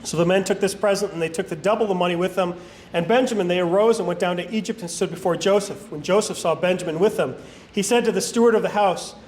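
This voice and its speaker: A man's voice: high voice, a little mellow, slight background noise. A man leading a Bible study, reading scripture aloud with casual asides, often stumbling and correcting himself. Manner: halting reading, frequent self-corrections and fillers.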